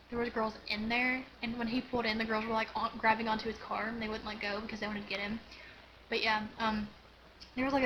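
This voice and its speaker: A teenage girl chatting casually on a home video, excited and rambling, with lots of giggles and "like"s. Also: on the high side, noisy background. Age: teens. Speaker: vlogger. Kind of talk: casual storytelling chat.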